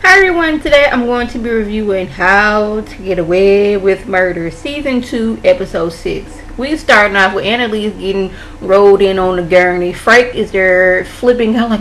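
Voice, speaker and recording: A woman's voice: mid-range voice, animated, moderate pace, hardly any pauses, a bit bright, low-quality recording. A woman vlogger giving a casual, chatty recap of a TV episode and acting out the characters' lines as she goes. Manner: chatty, acts out the characters' lines in her retelling.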